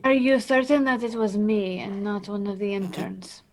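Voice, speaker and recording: Woman player, in-character role-play; coy lilt, measured delivery. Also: medium pitch, darkish tone, low-quality recording. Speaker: tabletop game player.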